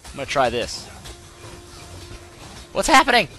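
A young man hosting a gaming channel, giving excitable let's-play commentary and yelping when things go wrong. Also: a little high, a little slow. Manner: excitable, yelps and laughs when in trouble.

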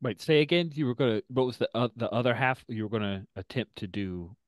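A man narrating a tabletop role-playing game as game master, low-key and deliberate, with sudden excited jumps. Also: no room sound, studio quality.

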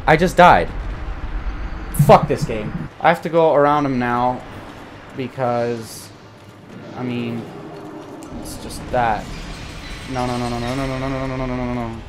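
A young man giving profane, frustrated commentary while playing a video game, muttering and then yelling. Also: medium pitch, fairly even intonation, unhurried, long pauses, slight background noise. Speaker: gaming YouTuber. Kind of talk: profane live gameplay commentary.

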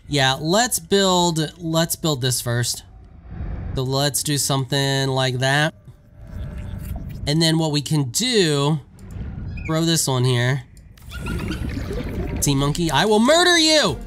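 A man giving let's play commentary on a game, excitable and quick to anger, ranting at the creatures on screen. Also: fairly high pitch, slight background noise. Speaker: gaming YouTuber.

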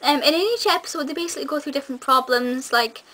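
A woman's voice: high-pitched, fast talker, sharp tone, low-quality recording. A young woman chatting enthusiastically to camera in a casual review, with frequent ums and restarts. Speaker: video reviewer.

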